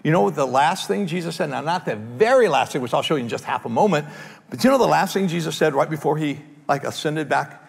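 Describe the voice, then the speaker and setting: A male pastor preaching a sermon in a lively, conversational way, often restarting phrases, with a gravelly, husky voice. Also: a little high, fairly quick, long reverb tail. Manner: animated, conversational preaching with repeated starts. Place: large church hall.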